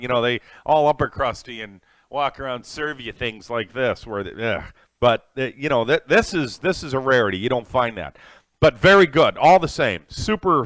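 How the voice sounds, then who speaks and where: A man's voice: on the high side, fairly bright tone, no echo. A man hosting a live cooking stream, chatting casually and rambling with many fillers as he greets viewers. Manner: reads viewer names from chat and thanks them. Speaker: cooking livestream host.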